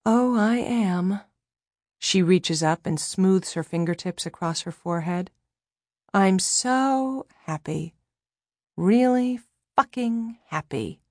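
A woman's voice: on the low side, measured pace, darkish tone, no echo, studio quality. A woman reading an audiobook, voicing a brittle, unhappy wealthy wife who is curt with her staff. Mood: bitter.

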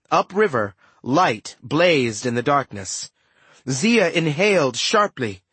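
A man narrates a first-person adventure story with lively swings in pitch. His voice is slightly breathy and a bit high for a man. The studio sound is close and dry. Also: slow, no echo. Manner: animated, expressive storytelling. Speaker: audiobook narrator.

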